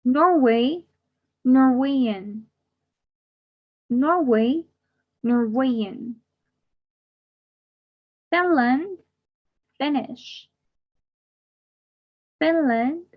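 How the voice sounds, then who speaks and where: Woman teacher in an online class, says every word twice real slow, kinda high voice. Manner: repeats each word twice, slow and deliberate. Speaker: English teacher. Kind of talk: slow drilled pronunciation lesson. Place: online class, speaking to a camera. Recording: slightly dull lo-fi audio.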